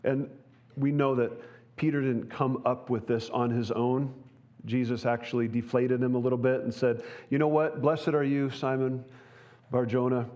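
A man's voice: medium pitch, flat delivery, normal speed, a little mellow, lo-fi sound. A male pastor delivers a sermon in church. He speaks earnestly and conversationally, often turning to the congregation with rhetorical questions.

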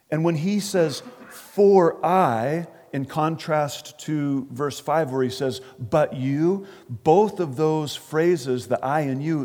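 A man's voice: on the high side, darkish tone. A man preaching an expository sermon, earnest, often repeating words as he stresses a point. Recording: long reverb of a large hall.

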